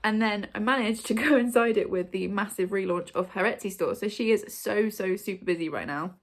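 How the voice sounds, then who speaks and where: A woman's voice: medium pitch, a little fast. A woman, hosting a book video and chatting to camera at home in front of her shelves. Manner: chatty, bubbly, many ums and likes. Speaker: booktube host. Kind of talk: casual chat to camera.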